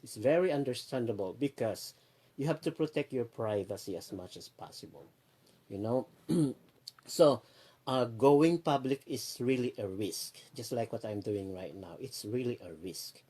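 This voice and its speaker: A Filipino man talks casually on his livestream, wandering from topic to topic. His voice sits at an ordinary pitch and sounds dark and mellow. He greets viewers by name as he goes. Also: lively intonation, moderate pace, husky. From Philippines. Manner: rambling, switches between Tagalog and English, greets viewers by name. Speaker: livestream host.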